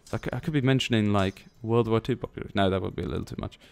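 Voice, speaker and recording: A man's voice: lowish voice, rapid-fire, creaky, clean tone. A man giving casual, rambling commentary over a strategy game, thinking aloud and tossing in jokey asides. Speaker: let's play commentator.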